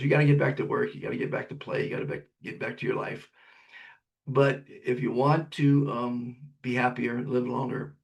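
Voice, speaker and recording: An older man hosts a podcast in a motivational monologue. His voice is gravelly, set at a middling pitch. He talks in an upbeat, preachy way and keeps coming back to the same slogans. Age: 70s. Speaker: podcast host.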